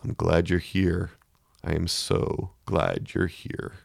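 A man voicing a lonely, grieving man who speaks in halting, quiet, sorrowful lines in a storybook reading. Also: sits low, level tone, gravelly, breathy edge, dry recording, clean studio sound, full character voice.

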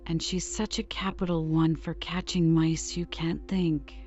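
A woman reading the lines of a polite, wistful young girl in a bedtime storybook, softly. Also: sits low, little pitch movement, unhurried, highs cut off, faint music behind. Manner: soft, wistful, drifting into whispers.

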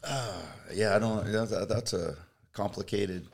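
Middle-aged Midwestern man, deep low register, easygoing podcast guest who muses aloud. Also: slow pace, vocal fry. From Midwest, Kansas. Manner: relaxed storytelling, thinks aloud. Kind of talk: casual chat.

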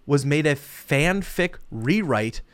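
A man's voice: on the high side, expressive, slow pace, clear, resonant tone, dry recording. A young man co-hosting a podcast, chatting casually with crude, joking humor. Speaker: podcast co-host. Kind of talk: casual chat.

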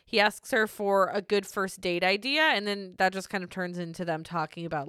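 A woman's voice: medium pitch, moderate pace, hardly any pauses, a bit bright, clean tone, no room sound, clean studio sound. A young woman hosting a casual recap podcast, chatty and giggly, with lots of likes. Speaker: podcast host recapping a reality show. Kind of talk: casual chat.

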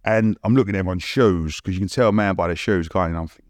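A man's voice: low-pitched, fast talker, no echo, clean studio sound. A young man, a podcast guest telling stories in a chatty way, full of slang, banter and laughter. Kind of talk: casual storytelling.

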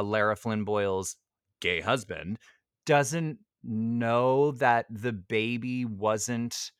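A man's voice: mid-range voice, a bit bright, smooth, dry recording, clean studio sound. A man co-hosting a podcast in casual chat, rambling with many restarts. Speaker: podcast co-host.

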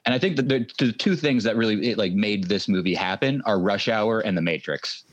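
A man's voice: on the low side, brisk, dry recording, lo-fi sound. A man co-hosting a podcast, chatting casually and analytically about movies and sometimes acting out lines. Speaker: podcast co-host.

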